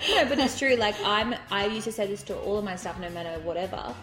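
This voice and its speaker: A young woman co-hosting a casual chat, bubbly and quick to laugh as she tells lively stories. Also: medium pitch. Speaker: podcast co-host. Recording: echoey room with music underneath.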